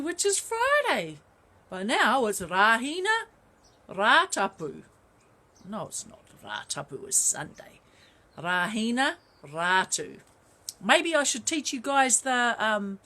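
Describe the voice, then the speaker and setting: A woman's voice: medium pitch, a bit bright. A woman with a New Zealand accent, a kindergarten teacher chatting and encouraging as she teaches children a song, mixing in Māori words. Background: guitar.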